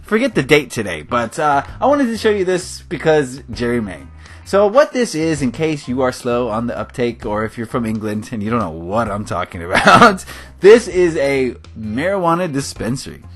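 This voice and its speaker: A man's voice: mid-range voice, sing-song, normal speed, a bit bright. A man from California giving casual, rambling commentary on his game build, laughing often. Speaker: gaming video host. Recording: faint guitar music behind.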